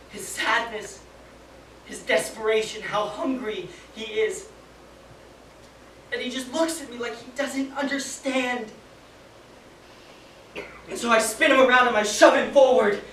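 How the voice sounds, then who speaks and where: An actor as a haunted young soldier. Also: mid-range voice. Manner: hushed and halting, breaking into frantic shouting. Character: young private haunted by sparing an enemy prisoner. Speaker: soldier recounting a war memory. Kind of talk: dramatic stage monologue. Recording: echoey room from far off, with background noise.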